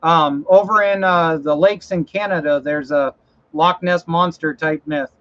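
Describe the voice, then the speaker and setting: This livestream host's voice is a little high and a bit bright, and he talks a little slowly. He rambles casually about trucks and mowers, reading viewer comments aloud and self-correcting, with dull lo-fi audio.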